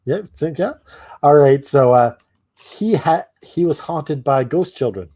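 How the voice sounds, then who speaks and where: A man's voice: on the high side, lively intonation, a little slow, dark tone, no echo. A man co-hosting a podcast in casual chat, hesitant with many restarts and chuckles. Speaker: podcast co-host.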